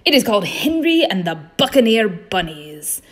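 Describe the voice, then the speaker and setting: A woman's voice: mid-range voice, very animated, normal speed. A woman reading a children's storybook aloud, with a playful pirate-themed delivery.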